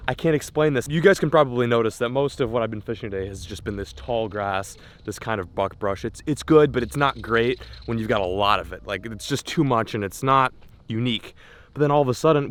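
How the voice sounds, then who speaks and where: A young man filming a fishing vlog on a riverbank, talking excitedly and stammering when a fish bites. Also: medium pitch. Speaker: fishing vlogger. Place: outdoors on a river bank.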